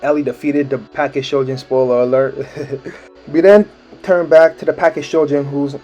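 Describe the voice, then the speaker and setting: A man's voice: a little high, fairly even intonation, moderate pace, mellow. A man casually recapping a manga chapter in laid-back slang, laughing often. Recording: dull lo-fi mic with faint music.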